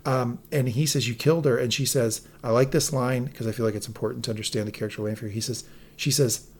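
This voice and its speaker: A man co-hosting a podcast, recapping an episode in an animated, profane way and quoting lines of dialogue. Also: mid-range voice, fast, a little hiss or hum. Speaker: podcast co-host.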